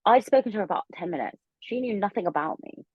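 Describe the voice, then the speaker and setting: A young woman telling a long story as a podcast guest, rambling and animated with plenty of fillers. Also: mid-range voice, fast talker, slightly rough, no echo, muffled recording. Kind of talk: casual storytelling interview.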